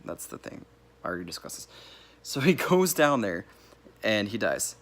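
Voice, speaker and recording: A man's voice: fairly low pitch, big pitch swings, moderate pace. A man giving a casual, rambling movie review, correcting himself as he goes and laughing here and there. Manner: laughs now and then while talking.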